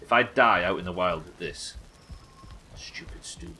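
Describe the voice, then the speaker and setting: A man's voice: low voice, fairly quick, very noisy. A young man streaming a game live, chatting to viewers and thinking aloud as he plays, swearing freely. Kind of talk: live gameplay commentary.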